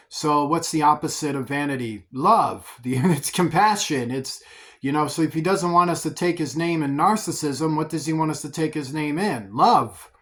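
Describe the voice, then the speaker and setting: With a higher, expressive voice and a fairly bright tone, this man preaches casually about the commandments at a normal pace. His explanations are conversational, marked by frequent restarts where he repeats words.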